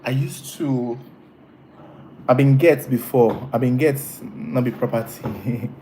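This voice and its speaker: A man's voice: medium pitch, slow, warm tone, slight background noise, rough recording. A man hosting a casual live stream, chatting with viewers, teasing them and laughing often. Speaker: livestream host reading chat.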